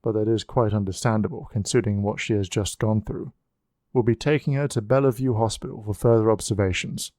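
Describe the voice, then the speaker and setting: A man voicing a paramedic who speaks calmly and quietly. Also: on the low side, a little fast, no room sound, natural voice. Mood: reassuring. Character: calm male paramedic.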